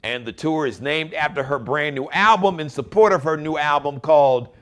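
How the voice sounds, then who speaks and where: A man's voice: on the high side, normal speed. A man hosting his own live online talk show, chatting casually and joking with viewers. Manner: animated, joking, addressing viewers directly. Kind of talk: casual live-stream chat.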